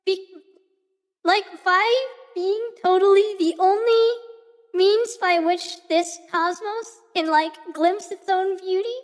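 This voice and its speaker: A woman's voice: extremely high pitch, takes it slowly, in a large hall. A woman putting on a ditzy, gushing valley girl voice, stuffing every phrase with "like, totally" during a livestream chat.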